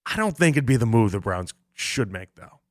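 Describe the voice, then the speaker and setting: A man hosting a sports talk radio show, delivering an animated, jokey, rapid-fire monologue to callers and listeners. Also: mid-range voice.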